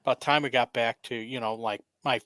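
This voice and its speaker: A man's voice: medium pitch, steady tone, brisk, bright, forceful tone, no room sound. A man chatting as a guest author on a casual podcast. He rambles with fillers while he promotes himself and jokes with the hosts. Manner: rambling, self-promoting, joking.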